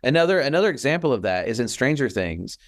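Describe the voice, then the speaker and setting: A man co-hosting a podcast in casual chat, animated and quick to act out quoted lines. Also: mid-range voice, no room sound, clean studio sound. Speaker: podcast co-host.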